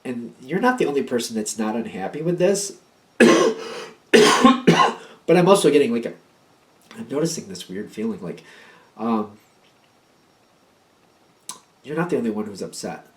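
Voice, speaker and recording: A man of middle pitch talks through a tarot reading in a loose, casual way. He rambles and repeats points for emphasis. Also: lively intonation, moderate pace, long pauses. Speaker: tarot card reader.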